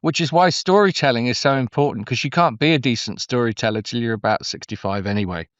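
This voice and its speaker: A middle-aged Englishman muses aloud at a medium pitch, wandering from thought to thought with warm enthusiasm and frequent restarts. His voice comes through a slightly muffled, dull line, and it sounds close and dry with no room around it. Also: fast talker, dry recording. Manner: meandering, effusive, full of restarts. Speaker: guest storyteller. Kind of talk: conversational interview.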